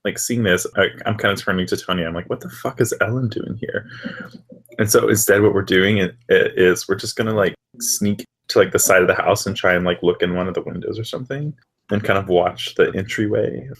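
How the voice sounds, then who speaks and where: A man playing a character in a tabletop role-playing game, casual and relaxed. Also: low-pitched, a little fast, husky. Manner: casual, relaxed, many "like" fillers. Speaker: player.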